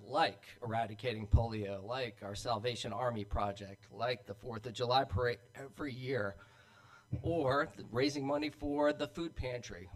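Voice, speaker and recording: A man's voice: mid-range voice, poor audio. Earnest man speaking to his club. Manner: earnest, lightly joking. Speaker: club member and incoming treasurer. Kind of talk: short speech to a club meeting. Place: meeting room at a club luncheon.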